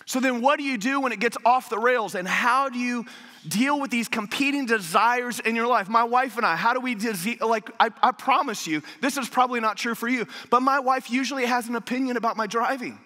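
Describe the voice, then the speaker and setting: A long reverb tail trails a man's very high-pitched voice as he speaks fairly quickly. He's a pastor in his thirties in a church auditorium, animatedly telling a humorous sermon story and acting out others' quotes.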